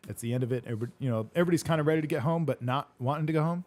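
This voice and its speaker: A man's voice: a little high, racing, a little mellow. A man hosting a casual podcast chat, swearing freely and acting out the arguments in his stories. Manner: swears a lot, retells arguments animatedly. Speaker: podcast host.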